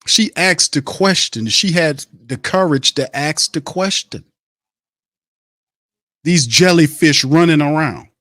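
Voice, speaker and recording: A man's voice: a little high, expressive, takes it slowly, fairly bright tone, no echo, studio quality. Fired-up man ranting about football. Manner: fired-up ranting, repeats himself, blunt and profane. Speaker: sports podcast host. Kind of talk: heated sports commentary.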